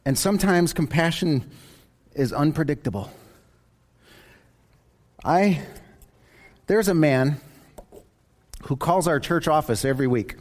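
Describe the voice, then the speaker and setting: Male pastor, fairly high voice, chatty sermon with jokes. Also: lively intonation, takes it slowly, long pauses. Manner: conversational, joking asides.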